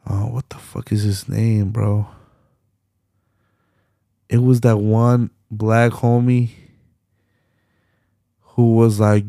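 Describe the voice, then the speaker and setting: A young man with a low, gravelly voice delivers an exasperated, profanity-laden solo rant as a podcast host. He talks slowly and with a dark, mellow tone. The sound is dry and close. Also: level tone, no room sound. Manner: profane, exasperated ranting with lots of fillers.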